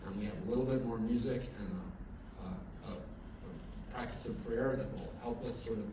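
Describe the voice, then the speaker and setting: A man's voice: medium pitch, moderate pace. A man giving a chapel sermon as pastor, talking conversationally with many fillers and restarts and growing emphatic as he tells a story, recorded from a distance in a chapel. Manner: grows lively and emphatic when telling a story. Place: chapel at an evening service. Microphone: distant from the recording mic. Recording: very echoey chapel from far off, room noise.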